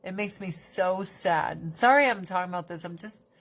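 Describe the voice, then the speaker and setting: A woman hosting a casual livestream chat, animated and fond of swearing, slipping into mocking put-on voices. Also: lowish voice. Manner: swears casually, talks fast then drags words out. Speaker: livestream host.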